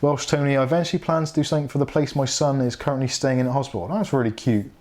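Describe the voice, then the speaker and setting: A man's voice: medium pitch, steady tone, rapid-fire, darkish tone. A middle-aged man hosting a casual live tech chat stream, reading viewer comments aloud and laughing often.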